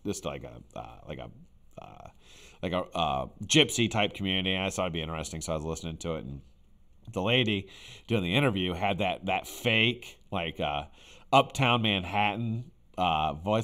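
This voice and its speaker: A man's voice: low-pitched, expressive, normal speed, fairly bright tone. A man hosting a live stream in casual chat, rambling and blunt, with frequent fillers and some swearing. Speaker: livestream host.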